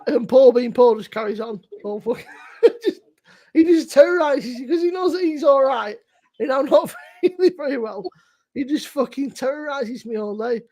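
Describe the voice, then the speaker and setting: A tipsy man with a high, light voice, chatting on a casual live stream. He swears freely and laughs through his stories. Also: animated, normal speed, dark tone. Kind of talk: casual drunken banter.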